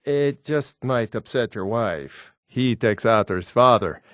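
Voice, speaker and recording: An actor playing a gruff, burly Nord townsman and warrior in a video game, shouting battle cries and making plain small talk. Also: mid-range voice, expressive, unhurried, dry recording, clean studio sound, lightly acted. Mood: teasing chat. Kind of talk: video game character voice lines.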